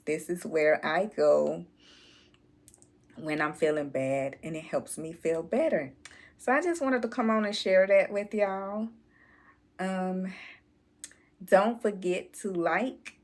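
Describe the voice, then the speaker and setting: A woman telling a childhood story to her viewers in a relaxed, drawn-out way. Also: lowish voice. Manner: slow, drawn-out storytelling, addresses viewers as y'all. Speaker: channel host. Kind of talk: casual storytelling vlog.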